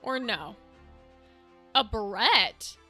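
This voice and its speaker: Very slow and animated, a young woman's slightly high voice comes across bright and forceful as she streams a game. With game music in the background, she chats with viewers and talks through her equipment choices.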